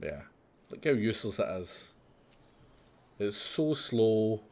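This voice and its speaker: Chatty low-voiced man commenting on gameplay. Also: sing-song, slow pace, a little mellow. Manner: chatty, exasperated, explains tactics at length. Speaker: streamer playing a survival game.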